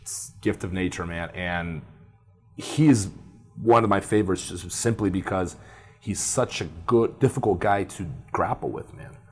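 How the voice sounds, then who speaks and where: Male podcast co-host, low husky voice, rambling casual talker. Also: unhurried. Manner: rambling and animated, many fillers like "man". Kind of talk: casual chat.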